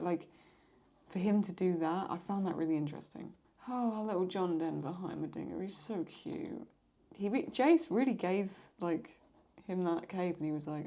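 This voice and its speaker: A young woman chatting excitedly and mocking herself while she reacts to videos as host of her channel. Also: lowish voice, normal speed. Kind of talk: casual reaction commentary.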